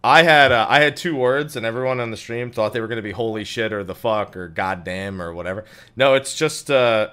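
A man's voice: on the low side, fairly quick, few pauses, pushed and bright, smooth. A man hosting a casual talk show, upbeat, prompting his guests and laughing often. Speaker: podcast host. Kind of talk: casual chat.

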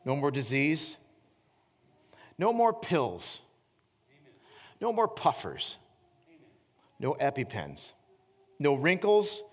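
Middle-aged pastor preaching in a reverberant church. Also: male voice. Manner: animated storytelling, voice climbing high in anecdotes; slows and softens into earnest appeal. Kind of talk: sermon. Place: church sanctuary.

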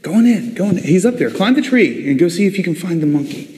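A man voicing a secretive male circus ringleader who speaks low and half-whispered, in a story told within a sermon. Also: sing-song, fast talker, darkish tone. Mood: hushed coaxing. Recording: long echo of a large hall.

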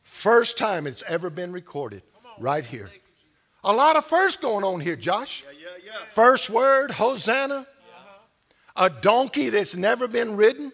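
Male pastor, very high gravelly voice, slow, bright tone; preaches with shouted refrains. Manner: preaching with rising, shouted repetition. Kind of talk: sermon.

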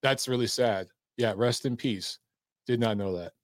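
A man's voice: mid-range voice, moderate pace, dry recording, clean studio sound. Blunt, profane man hosting a call-in stream. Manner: blunt, profane and laid-back. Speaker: host of a boxing call-in live stream. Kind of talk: casual live-stream chat, reading chat and taking calls.

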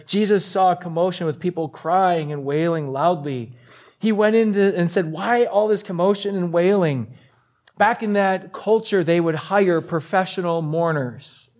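A pastor preaches a sermon in a fairly high, slightly mellow voice. He tells the story casually, as if in conversation, and acts out the voices of the people in it.

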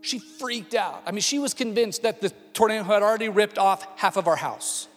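A man in his thirties, a lead pastor, preaching a sermon with animated storytelling that swings between hushed tones and shouting. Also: high voice, a little fast. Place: church auditorium. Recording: long hall reverb with faint music.

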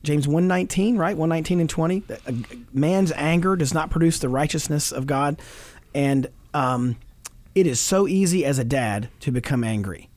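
A man's voice: fairly high pitch, normal speed, dry recording. A middle-aged man on a Christian talk show, speaking earnestly about fatherhood, quoting scripture and laughing often. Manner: animated, preachy, quotes scripture, laughs often.

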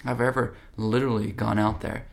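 A man's voice: lowish voice, flat delivery, brisk, gravelly. A man teaching yoga philosophy in an earnest, conversational, direct way. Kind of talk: spiritual talk.

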